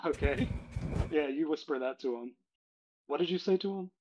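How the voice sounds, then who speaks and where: A man running a tabletop game, talking casually and relaxed with frequent fillers. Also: fairly high pitch, normal speed, background noise. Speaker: game master. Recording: dull lo-fi recording.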